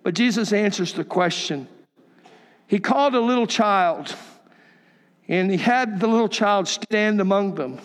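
A man's voice: high voice, measured pace, long pauses, long reverb tail. An older man preaching a sermon, telling folksy stories with chuckling asides. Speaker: pastor.

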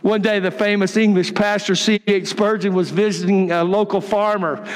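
A pastor preaching a sermon in a church, emphatic and repetitive, sometimes dropping to a soft near-whisper. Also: male voice, high-pitched, fairly even intonation, normal speed, clear, resonant tone. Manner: emphatic, repeats key phrases, drops to a soft near-whisper. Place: church sanctuary. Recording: long reverb of a large church hall.

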